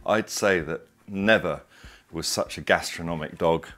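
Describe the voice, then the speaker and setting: A man's voice: low voice, unhurried, fairly bright tone. A middle-aged man, hosting a casual cooking demonstration in his home kitchen, chatty, digressive and enthusiastic. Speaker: cooking show host.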